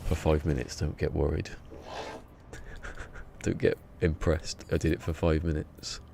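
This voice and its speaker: A man's voice: extremely low pitch, little pitch movement, measured pace, creaky, mellow, a little hiss or hum. A man streaming a game from home, chatting casually and rambling in a self-deprecating way. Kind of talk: casual live-stream chat.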